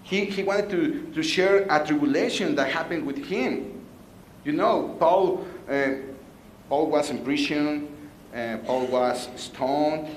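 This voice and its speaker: A man's voice: on the high side, roomy sound, a little hiss or hum, rough recording. A man preaching a sermon, playful and joking with his congregation. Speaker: pastor. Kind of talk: sermon with jokes.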